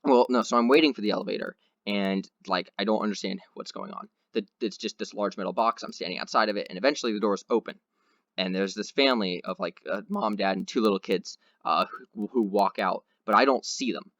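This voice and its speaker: A man's voice: on the low side, fairly quick, fairly bright tone, no echo, muffled recording. A man hosting a podcast, telling a long rambling anecdote in casual chat with lots of fillers. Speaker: podcast host.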